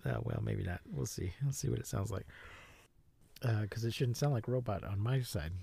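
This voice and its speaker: A man's voice: fairly low pitch, normal speed, creaky, mellow, slightly rough. A man co-hosting a casual podcast, reading a plot summary aloud with wry asides. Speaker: podcast co-host.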